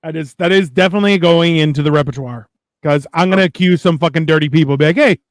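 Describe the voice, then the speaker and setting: A man with a notably high voice holds forth in a casual podcast chat, swearing freely and piling one rambling story onto the next. The sound is dry and close, with no room around it. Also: quick pace, dry recording. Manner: crude, rambling, animated storytelling. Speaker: podcast co-host.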